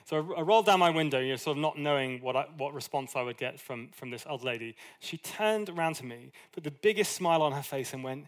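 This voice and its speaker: A man preaching a sermon in an easygoing, animated way. He talks as if chatting with the congregation, with asides and quick acted quotes, in a voice that sits a touch high for a man. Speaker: pastor.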